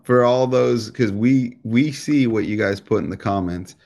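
A man's voice: medium pitch, measured pace, creaky, darkish tone. A man co-hosting a podcast, joking and rambling in a loose, profane way. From United States. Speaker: podcast co-host. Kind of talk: casual podcast banter.

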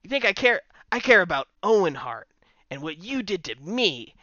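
A man's voice: high voice, big pitch swings, normal speed, sharp tone, no echo, dull audio, pitched above the performer's own voice, heavily acted. A man doing a defiant wrestler cutting a promo. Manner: heated, emphatic in-character promo. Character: male wrestler defiantly confronting his rival.

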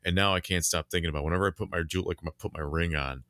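Deep-voiced man in rambling casual chat. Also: steady tone, rapid-fire, pushed and bright, no room sound, clean studio sound. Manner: rambling, reflective, many fillers.

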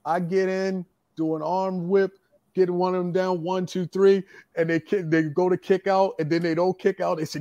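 A man telling wrestling stories in casual chat, animated, acting out what others said. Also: high voice, moderate pace, dry recording. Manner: animated, acts out quotes, laughs often.

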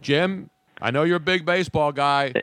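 A man's voice: a little high, normal speed, fairly bright tone, clear, resonant tone, no room sound. A man hosting a sports radio show, chatting and joking with his co-hosts and callers. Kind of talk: casual sports talk.

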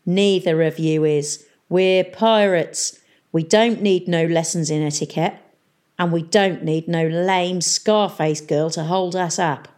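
A woman voicing a gruff, blunt male pirate who growls his words. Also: lowish voice, steady tone, takes it slowly, darkish tone.

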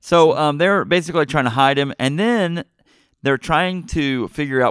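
A middle-aged man hosting a podcast, retelling a movie plot in a rambling, excitable way with many fillers and restarts. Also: a little high, normal speed, clean tone, dry recording, studio quality. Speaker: podcast host. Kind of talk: casual movie podcast chat.

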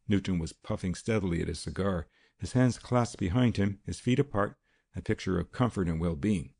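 A man narrating a period crime novel in a steady, measured reading. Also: deep voice, creaky, slightly rough. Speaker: audiobook narrator. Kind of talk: scripted narration.

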